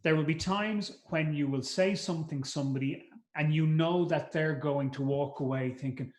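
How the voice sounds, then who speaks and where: A middle-aged male trainer with a fairly high voice, speaking conversationally to a conference audience. He repeats words as he thinks aloud and acts out short quotes. The room has a clear echo around him. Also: normal speed, a little mellow. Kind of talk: live masterclass talk. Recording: roomy echo.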